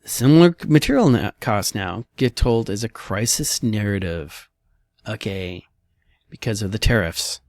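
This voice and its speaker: A man's voice: fairly low pitch, expressive, unhurried, darkish tone, no echo, studio quality. A man, a real estate broker giving blunt, casual commentary on housing market slides and tossing in "all right" and "okay" often.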